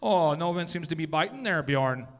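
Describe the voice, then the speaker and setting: A man's voice: a little high, lively intonation, normal speed, a bit bright, long reverb tail. A man doing a sing-song Minnesotan guy. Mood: folksy. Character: folksy Minnesotan man, cheerful fisherman type.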